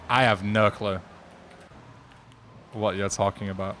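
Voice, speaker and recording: A young man with a low voice, chatting with his live-stream audience in a laid-back, wry way. Video game sounds run faintly underneath him. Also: fairly even intonation, a little slow, fairly bright tone. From England. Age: young adult. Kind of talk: casual live-stream chat, reading and answering viewers. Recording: game noise in the background.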